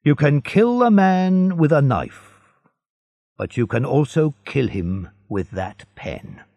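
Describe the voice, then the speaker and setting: A man's voice: a little high, very animated, takes it slowly, vocal fry, dark tone, no echo, lo-fi sound, voice pushed up, heavily acted. A man voicing an envious, sneering neighbour in a storybook reading. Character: envious grumbling male neighbour.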